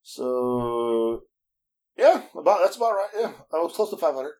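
A man in a relaxed podcast chat tells his stories with plenty of laughter and a slightly raised pitch. He swears freely, restarts his sentences and acts out the voices of the people he quotes. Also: unhurried. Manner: animated, laughing storyteller with frequent restarts. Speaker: podcast co-host. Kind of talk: casual storytelling chat.

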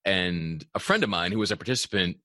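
A man hosts a casual podcast chat in a bright, animated voice, playful and quick to laugh. He trips into restarts as he talks. The room sound is dry and close. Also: low-pitched, no echo. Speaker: podcast host.

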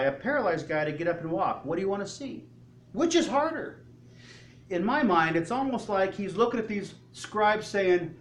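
A male pastor preaching a sermon, telling the story in an animated way and asking the congregation questions. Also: sits high, slight background noise. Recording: echoey hall, faint ambience.

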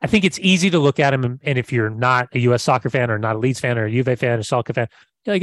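A man's voice: mid-range voice, fast, no echo. An American man co-hosting a soccer podcast in a casual, enthusiastic chat, often repeating words as he restarts. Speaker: podcast co-host.

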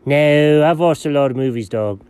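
A man playing a scatterbrained, excitable male buddy in comedy banter, jumping between low mumbles and sudden high yelps. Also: moderate pace, clear, resonant tone, close to an everyday voice. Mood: goofy. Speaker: co-host.

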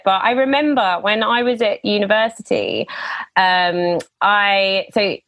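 A woman's voice: mid-range voice, lively intonation, a little slow, fairly bright tone, no room sound. A young woman in casual chat, talking with many fillers and restarts. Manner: chatty, full of fillers and restarts.

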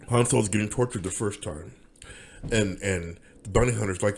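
A man's voice: fairly low pitch, fairly quick, a little mellow. A man rambling through a casual monologue as podcast host, with many restarts and fillers.

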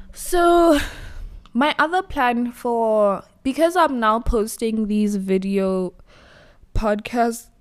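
Speaking from her new studio, a young podcast host chats casually on her own show in a clear, resonant, fairly high voice. It's a relaxed solo conversation where she often laughs at herself and tends to over-explain.

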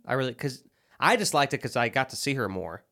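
Man, podcast co-host, casual chat, relaxed easygoing replies. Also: medium pitch, fairly quick.

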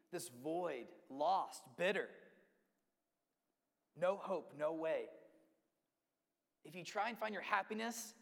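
A man's voice: sits high, vocal fry. A man preaching a sermon, emphatic, acting out quotes and repeating key words. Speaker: pastor. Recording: long hall reverb.

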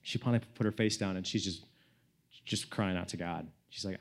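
A young man preaching a sermon, telling a personal story in a casual, animated way that swings from loud to hushed, with lots of "like" and "you know". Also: sits low, a little fast, creaky. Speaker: pastor.

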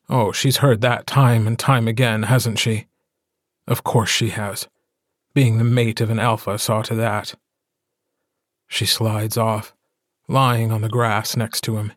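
A man narrating a short story as an audiobook, reading in a slow, measured way. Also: medium pitch, level tone, no room sound, studio quality. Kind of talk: scripted narration.

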